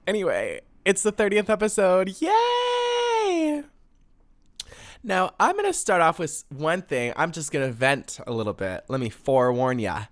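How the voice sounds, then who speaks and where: A man's voice: mid-range voice, sing-song, brisk, few pauses, fairly bright tone. A young man hosting a solo podcast, ranting in a loose, rambling way and swearing freely. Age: young adult. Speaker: podcast host. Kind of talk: casual solo podcast rant.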